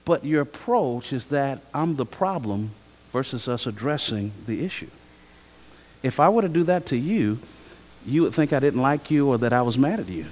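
A man preaching a sermon as pastor, acting out both sides of conversations in a lively way. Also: medium pitch, moderate pace. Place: church hall. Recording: long hall reverb.

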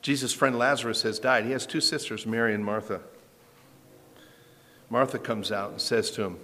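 A man's voice: mid-range voice, moderate pace, pauses often, pushed and bright, long reverb tail, a little hiss or hum. A man preaching a sermon as pastor, asking rhetorical questions and building in intensity as he reads scripture.

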